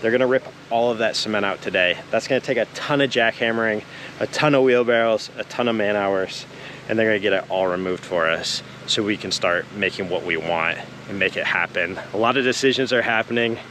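A man in his thirties hosting a vlog, calmly explaining the day's building work. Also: lowish voice, a little fast, a little hiss or hum. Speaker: vlog host. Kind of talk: casual vlog narration.

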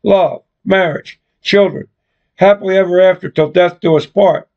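A man voicing a frustrated young woman who bluntly confronts her boyfriend, with a gravelly voice on a dull lo-fi recording. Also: high-pitched, fairly even intonation, normal speed. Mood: pleading. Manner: blunt, exasperated, foul-mouthed.

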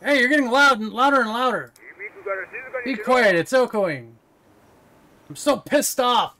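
A man voicing an angry male neighbor in a horror game, yelling threats. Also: very high voice, lively intonation, unhurried, a crowd in the background, exaggerated voice. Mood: irritated.

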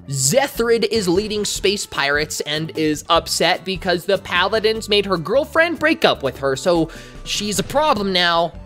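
Wry woman with lively pitch. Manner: sarcastic, wry asides. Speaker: show reviewer. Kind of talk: animated commentary.

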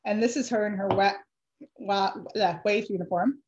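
A woman's voice: mid-range voice, moderate pace, darkish tone, highs cut off, slight background noise. Chatty woman author, slightly dry voice. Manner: chatty, self-correcting, frequent ums. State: dry voice from allergies. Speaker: author giving a library talk. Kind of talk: informal presentation with slides.

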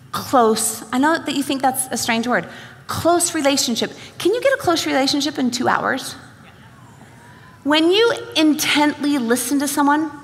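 Lively woman speaking in a big hall. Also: high voice. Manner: animated storyteller acting out dialogue. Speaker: speaker at a sales event. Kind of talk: motivational stage talk. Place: large event hall. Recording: reverberant hall.

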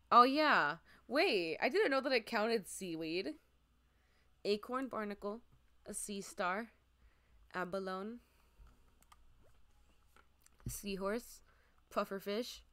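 A young woman streaming a game, chatting casually and listing what she sees, sometimes dropping to a soft near-whisper. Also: mid-range voice, expressive, slow, pauses often, no room sound. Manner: chatty, lists items aloud, drifts into soft near-whispers. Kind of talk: casual gameplay commentary.

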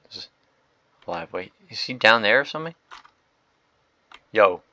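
A young man giving excitable, slangy gameplay commentary, swinging from loud outbursts to mumbled asides. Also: on the low side, normal speed, dull audio. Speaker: gaming video host.

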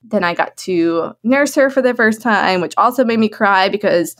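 A woman telling a personal story in a casual, chatty way, laughing often and filling her talk with "like", her voice jumping up high when she gets excited. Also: moderate pace. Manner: animated, swings into high excited tones. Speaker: guest sharing her birth story.

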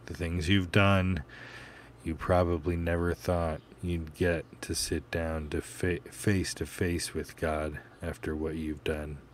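Man doing a cold, threatening vigilante, very low voice, slow and pointed, audiobook read. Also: little pitch movement, a little hiss or hum. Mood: menacing. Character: cold menacing male vigilante, calm and threatening.

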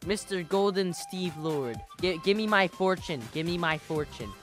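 A woman's voice: lowish voice, normal speed, soft background music. A woman giving playful, jokey commentary while playing a video game, yelping and laughing often. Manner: excitable, jokey, yelps and laughs. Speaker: gaming YouTuber.

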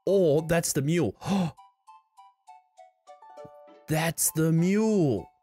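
A woman hosting gameplay commentary with comic skits, chatty and excitable with plenty of slang. Her voice sits on the lower side and rises and falls in lively swings. Faint music runs underneath. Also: a little slow. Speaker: gaming channel host.

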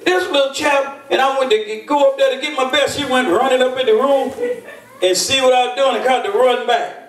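A high-pitched older man preaches from the pulpit, spinning folksy stories and drawing call-and-response from the pews. His voice rings around an echoey church and comes from some distance away from the mic. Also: fairly even intonation, a little fast. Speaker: bishop and pastor. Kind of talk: sermon.

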